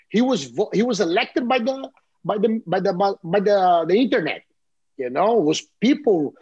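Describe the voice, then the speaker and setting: A man in his fifties with a Brazilian accent, a guest in an interview, telling stories in an animated way and often repeating and restarting his words. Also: high-pitched, husky, lo-fi sound. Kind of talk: casual interview storytelling.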